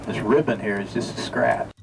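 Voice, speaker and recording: A man's voice: lowish voice, sing-song, moderate pace, vocal fry, music in the background. A man acting as a tour bus driver guide, giving folksy, direct commentary. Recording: distant, noisy bus recording.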